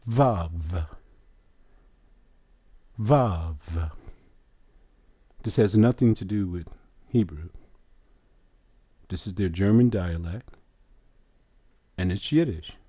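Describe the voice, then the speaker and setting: A man teaching a lesson from a letter chart, asking questions and repeating each sound slowly. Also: fairly low pitch, warm tone, no room sound, clean studio sound.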